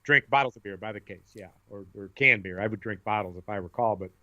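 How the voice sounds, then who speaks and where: Middle-aged male podcast co-host, lively storyteller, bright tense tone, muffled lo-fi sound. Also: on the low side, fast talker. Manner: animated storyteller, acts out voices. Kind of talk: casual chat. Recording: dull lo-fi sound.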